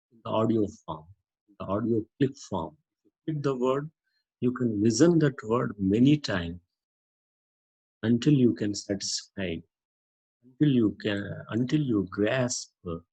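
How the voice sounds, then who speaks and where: A man teaching English, walking through how to read a dictionary entry. He speaks very slowly, repeating phrases and pausing on "uh" as he explains. His voice is mid-pitched with a husky edge. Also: darkish tone, poor audio. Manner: slow, repetitive explaining with frequent "uh" fillers. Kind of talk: classroom-style lesson on using a dictionary.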